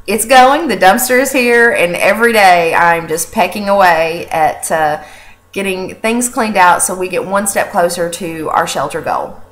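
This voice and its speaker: An animal sanctuary's director hosts a casual video update, her voice lowish and fairly bright in tone. She speaks earnestly and chattily, with plenty of fillers and restarts.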